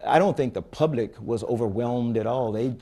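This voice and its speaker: Speaking before an audience in a conference room, this older man leads a space agency and is handling questions at a public forum. His mid-range voice is dark in tone and moves at normal speed. The Q&A answers are conversational, blunt and candid, with stories full of restarts.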